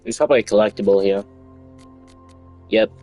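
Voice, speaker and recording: A man's voice: on the low side, fairly quick, warm tone, soft background music. A young man doing casual, dry let's-play commentary with offhand asides. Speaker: gaming streamer.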